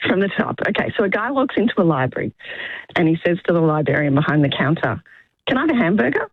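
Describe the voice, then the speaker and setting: A woman calls into a radio show over a tinny, crackly phone line, her voice a little husky. She tells a joke from her car in a chatty, slightly flustered way. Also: fairly low pitch, sing-song, fast, no echo. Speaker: caller. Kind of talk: telling a joke on air.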